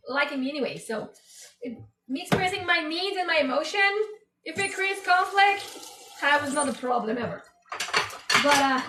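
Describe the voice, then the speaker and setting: A woman's voice: high-pitched, reverberant, distant mic, heavy background noise. A woman live-streaming from home, chatting and laughing with her viewers. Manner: laughing, talking to chat. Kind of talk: casual live chat.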